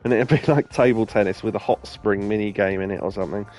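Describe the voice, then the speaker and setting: A man's voice: on the low side, fairly even intonation, fast talker, a little mellow. A man with an English accent giving casual, rambling game commentary as a let's play host, laughing often. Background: game music.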